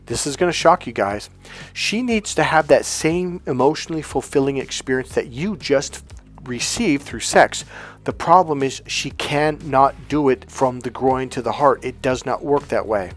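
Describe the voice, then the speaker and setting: A man's voice: mid-range voice, expressive, moderate pace, soft background music. A man giving a blunt, profane, emphatic coaching talk as a love coach. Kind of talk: coaching monologue.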